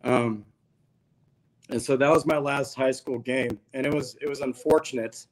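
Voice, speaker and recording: A man speaks as a podcast guest, with a voice at an ordinary, middle pitch. He tells a long personal story in an easygoing, slangy way, often dropping in "dude.". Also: steady tone, moderate pace, poor audio. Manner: laid-back, slangy, peppers talk with "dude". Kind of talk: casual storytelling interview.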